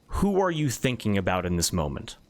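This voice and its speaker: A man narrating as game master of a tabletop game, describing scenes in a relaxed, descriptive way with many fillers. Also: fairly low pitch, fairly quick.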